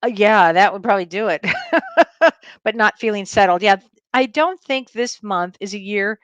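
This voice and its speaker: A woman's voice: medium pitch, moderate pace, fairly bright tone, no room sound, muffled recording. A woman hosting a casual livestream as a spiritual medium from home. She talks in a bubbly, effusive way and laughs often.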